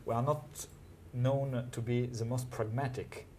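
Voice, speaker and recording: A man from France with a French accent, a French native speaker, an urban planner answering an interview question slowly and hesitantly, with many filler sounds. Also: medium pitch, steady tone, a little mellow, a little hiss or hum.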